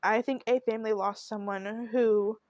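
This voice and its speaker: A woman's voice: on the high side, steady tone, normal speed, a little mellow, no echo, clean studio sound. A woman hosting a true crime podcast, narrating a case in an earnest, emotional and heartfelt way. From Oklahoma.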